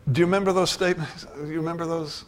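A man's voice: on the high side, steady tone, fast talker, a little hiss or hum. An older man preaching a sermon, telling stories and building to emphatic declarations. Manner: storytelling, rising to emphatic preaching.

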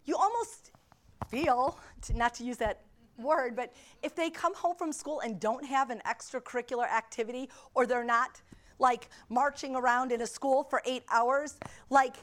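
A high-pitched middle-aged woman preaches a sermon to her church congregation. She leans on repetition and emphasis, breaking off now and then for casual asides to the people in the pews. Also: normal speed, a bit bright.

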